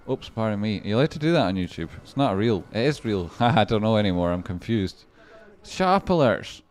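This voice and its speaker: Brief: male streamer and trader with a low voice, loose and chatty, swears freely, laughs a lot between points. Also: sing-song, moderate pace, a little mellow. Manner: rambling, swearing, laughs often. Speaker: livestream stock trader. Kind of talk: casual livestream commentary.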